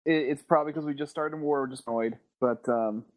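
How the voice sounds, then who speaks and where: A man's voice: on the high side, fast. A man co-hosting a podcast, explaining earnestly with stumbling starts. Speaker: podcast co-host. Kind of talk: casual chat.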